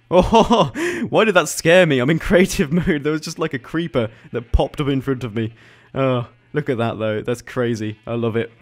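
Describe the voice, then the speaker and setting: A man giving casual gameplay commentary as a YouTube host. He talks in a chatty, excitable way and laughs often. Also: medium pitch.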